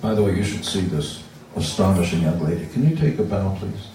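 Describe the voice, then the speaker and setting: In a noisy event room, a sixty-something musician with a low, gravelly voice tells stories briskly and animatedly to fans between guitar chords. He's blunt and jokey, tossing in crude asides, recorded on a distant, roomy mic with guitar.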